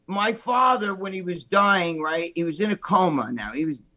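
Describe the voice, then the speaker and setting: A man's voice: high voice, animated, moderate pace, bright, forceful tone, dull audio. A man telling stories on a podcast in blunt, profane casual chat. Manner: blunt storyteller, swears freely. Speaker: podcast regular.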